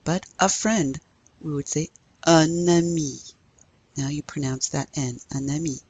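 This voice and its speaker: A woman's voice: low-pitched, steady tone, measured pace, a little mellow, breathy edge. A woman teaching a recorded language lesson, carefully modeling pronunciation for learners to repeat. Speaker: French teacher.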